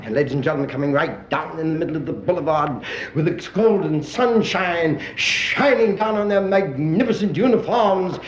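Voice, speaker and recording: A comedian doing breathless, excited mock radio parade announcing. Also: male voice, a little high, normal speed. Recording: dull echoey vintage vinyl recording.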